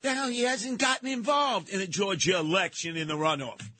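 A man hosting a talk radio show, delivering a brash, mocking monologue with frequent shouting and a New York accent. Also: high-pitched, a little fast.

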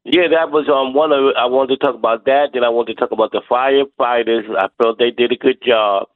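A man's voice: mid-range voice, steady tone, brisk, no echo. Male radio caller, rambling and hesitant, tinny phone line, dry. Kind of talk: call-in radio chat.

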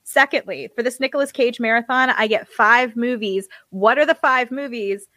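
A woman chatting casually on a podcast, laughing and throwing in quick asides. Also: on the high side, pushed and bright, no echo. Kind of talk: casual chat.

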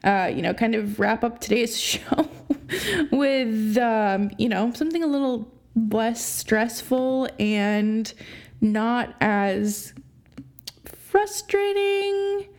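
A woman's voice: on the high side, slow. Exasperated young woman podcast host. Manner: exasperated, animated, laughs between points. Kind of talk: opinionated sports podcast rant.

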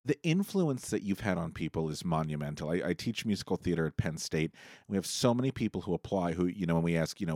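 A man's voice: deep voice, lively intonation, fast, a little mellow, no echo. A man who teaches musical theater, asking questions in earnest, admiring casual chat.

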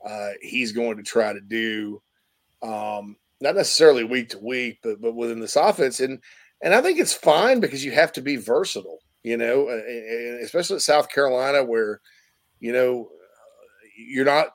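A man's voice: mid-range voice, lively intonation, moderate pace. A man hosting a sports talk show, chatting casually and rambling with many fillers.

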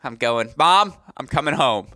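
A young man in his twenties co-hosting a podcast, chatting casually in an animated, rambling, jokey way. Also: mid-range voice, unhurried. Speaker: podcast co-host.

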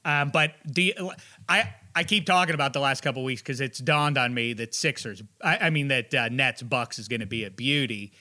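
A man hosting casual sports talk, asking questions with lots of restarts and animated asides. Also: mid-range voice, brisk.

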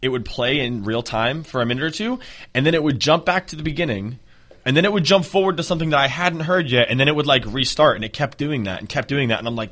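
A man co-hosting a podcast who retells events in animated, profane casual chat. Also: fairly high pitch.

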